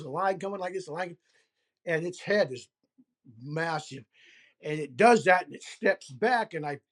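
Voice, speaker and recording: A man telling his own story as an interview guest, animated and emphatic, with pauses and fillers. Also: high-pitched. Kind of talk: first-person storytelling.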